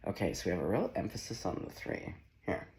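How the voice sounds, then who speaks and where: A man's voice: deep voice, sing-song, quick pace. A man giving a casual tarot reading at home, chatty and talking to himself, swearing and laughing as he goes, recorded on a phone in his kitchen. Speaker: tarot reader. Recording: echoey room with loud background noise.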